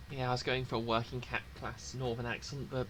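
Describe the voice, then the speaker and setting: A man's voice: medium pitch, level tone, moderate pace, background noise. A man streaming a game, reading its text aloud and making casual, wry comments.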